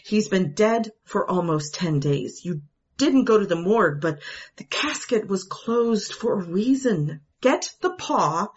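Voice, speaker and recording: A woman's voice: mid-range voice, lively intonation, a little slow, lo-fi sound, lightly acted. A woman voicing a desperate grieving mother who pleads and cries out in rising, frantic tones.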